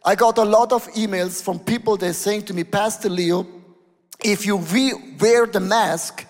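A high-pitched man preaching from the stage, his voice ringing with the long reverb of a church hall. He swings between hushed, low passages and sharp, loud outbursts. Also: measured pace. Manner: emphatic, switching between lowered tones and raised exclamations. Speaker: pastor. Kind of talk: sermon.

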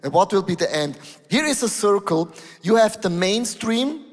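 A high-pitched man preaching from the stage, his voice ringing with the long reverb of a church hall. He swings between hushed, low passages and sharp, loud outbursts. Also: very animated, moderate pace. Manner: emphatic, switching between lowered tones and raised exclamations. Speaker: pastor. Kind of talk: sermon.

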